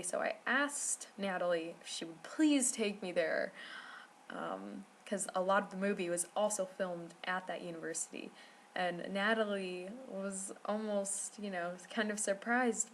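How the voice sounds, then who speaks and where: A woman's voice: fairly low pitch, slight background noise. A woman telling a rambling travel story to camera, full of fillers and restarts. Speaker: vlogger.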